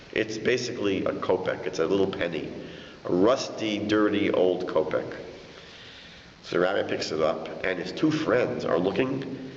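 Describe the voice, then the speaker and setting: A male rabbi telling a story in an animated way, acting out the quotes. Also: fairly low pitch. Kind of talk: storytelling lecture. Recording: dull echoey hall, faint noise.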